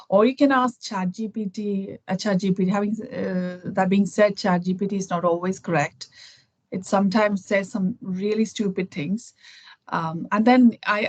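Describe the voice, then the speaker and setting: A woman's voice: mid-range voice, darkish tone, dry recording. A middle-aged woman from Kerala with an Indian accent, a guest in a casual conversation over a video call, thoughtful and full of fillers and restarts.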